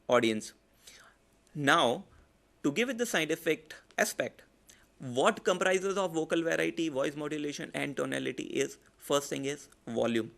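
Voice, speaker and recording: A man with an Indian English accent, a public speaking trainer giving a lecture and demonstrating shifts in volume, pitch and pace. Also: vocal fry. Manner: demonstrates loud, soft, fast and slow delivery. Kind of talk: online lecture.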